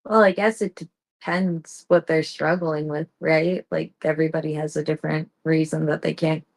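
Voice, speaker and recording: A woman's voice: sits low, level tone, vocal fry. A woman guest on a stream, chatting frankly and casually, with fillers and restarts. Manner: frank, laid-back, halting with fillers. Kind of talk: casual chat.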